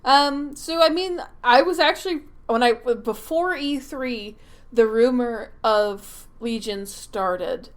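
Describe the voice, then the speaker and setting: A woman's voice: a little high, slow pace. A woman co-hosting a podcast, chatting casually, swearing and laughing often. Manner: animated, profane, laughs often. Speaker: podcast co-host. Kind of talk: casual chat. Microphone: remote call.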